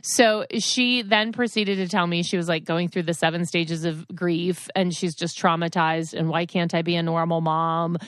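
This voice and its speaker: A woman's voice: lowish voice, level tone, normal speed, few pauses, clean tone, no room sound. A woman in her forties hosting a podcast, telling a rambling story in a chatty, casual way with plenty of asides. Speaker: podcast host.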